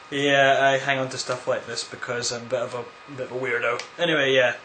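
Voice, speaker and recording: A man's voice: mid-range voice, flat delivery, fairly quick, hardly any pauses, bright, forceful tone, slight background noise. A man answering viewer questions in a casual, rambling vlog, full of crude, absurd jokes. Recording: echoey room.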